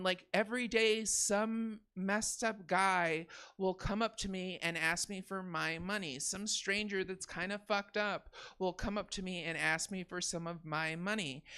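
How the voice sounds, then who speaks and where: A woman's voice: mid-range voice, sharp tone. A woman in her thirties doing a stand-up comedy set on a theater stage, rambling and conversational with many "like"s and "you know"s. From Northern California.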